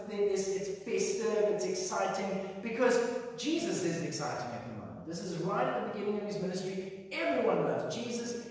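A man preaching a sermon, telling a story with lively voices for the crowd and slipping from playful to somber. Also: high-pitched. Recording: very echoey hall, mic far off.

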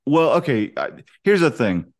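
A man's voice: mid-range voice, big pitch swings, normal speed. A man co-hosting a podcast, casually and frankly giving his opinions about a film. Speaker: podcast co-host.

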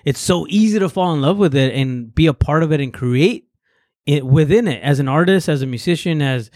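Socal musician guy, kinda higher voice, agreeable, dry close mic. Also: a little fast, darkish tone, dry recording. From Southern California. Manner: agreeable, earnest backchannels. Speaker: podcast co-host, musician. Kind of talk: casual chat.

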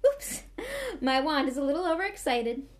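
A woman's voice: sits high, very animated, measured pace, fairly bright tone, voice pushed up, full character voice. A woman voicing a vain, flamboyant male wizard teacher who fusses and shows off in a storybook reading. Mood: showy.

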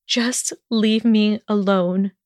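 A woman's voice: mid-range voice, slow, dry recording. Tearful young witch, mumbling and pleading, voiced by a woman narrator, dry sound. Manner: mumbling, pleading through sobs.

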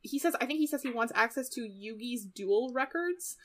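Young woman, casual podcast co-host, higher bright voice, giggly and chatty. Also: expressive, normal speed. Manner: chatty, many "like" fillers, giggly. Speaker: podcast co-host recapping an anime episode. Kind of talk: casual chat.

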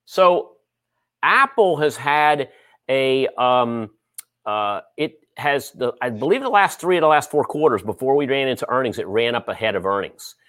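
A man's voice: medium pitch, animated, normal speed, fairly bright tone, no room sound. Rambling male trading-show host. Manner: rambling, many fillers, sports analogies. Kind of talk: casual market commentary.

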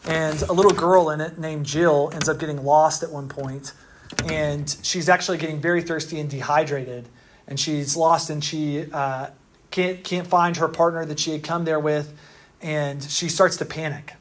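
A man's voice: on the high side, fairly even intonation, moderate pace. Chatty man preaching a casual sermon. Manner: casual and chatty, with lots of fillers and tag questions. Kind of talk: conversational sermon.

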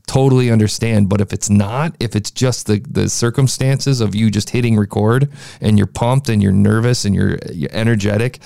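A young man talks through a podcast review in a loose, chatty way, often restarting his sentences. His voice is gravelly and dark. The sound is dry and close. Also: on the low side, fairly even intonation, normal speed, no room sound. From United States. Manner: chatty, frequent restarts and fillers. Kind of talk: casual critique commentary.

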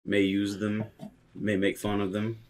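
A man's voice: on the low side, level tone, measured pace, a little hiss or hum. A man playing a tabletop game, making wry jokes. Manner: joking, wry. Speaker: player. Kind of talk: casual game chat.

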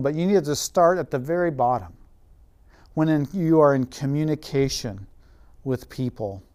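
A man preaching, soft at times. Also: fairly high pitch. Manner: storytelling, drops to a soft, quiet voice for emphasis. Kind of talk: sermon.

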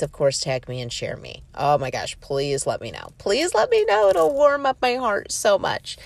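A woman, gushing warmly to her viewers and repeating words for emphasis. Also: fairly low pitch, dry recording. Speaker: vlogger. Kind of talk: heartfelt direct-to-camera appeal.

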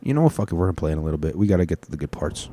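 A man's voice: very deep voice, expressive, very fast, mellow, no room sound. A man casually reacting to online videos in rambling commentary laced with swearing. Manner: rambling, swears a lot, restarts.

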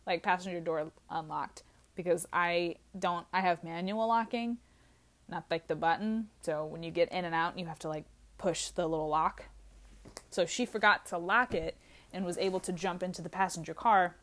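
A young woman, drinking as she talks, telling an embarrassing story in a candid, animated way, with free swearing and laughter at herself. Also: fairly low pitch. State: drinking while talking. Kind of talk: casual storytelling.

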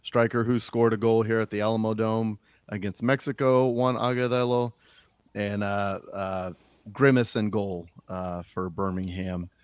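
A man's voice: fairly low pitch, steady tone, a little slow, clean tone. A man from Texas co-hosting a casual sports podcast, joking and teasing, often repeating his words. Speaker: podcast co-host.

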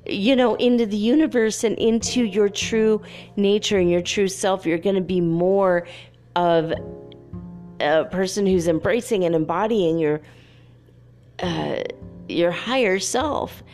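A woman's voice: medium pitch, a little slow, a little mellow, soft background music. A woman giving a casual, chatty spiritual channeling talk, often giggling as she relays messages aloud.

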